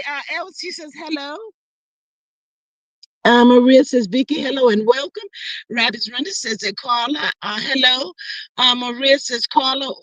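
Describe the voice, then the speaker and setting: A woman's voice: high-pitched, no room sound. A woman hosting a casual livestream, greeting viewers by name and chatting playfully. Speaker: livestream host reading chat.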